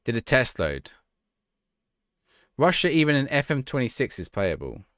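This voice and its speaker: A man's voice: medium pitch, sing-song, normal speed, a bit bright, no room sound, clean studio sound. A man casually chatting on a live stream as he plays a football management game, thinking aloud and talking to his chat.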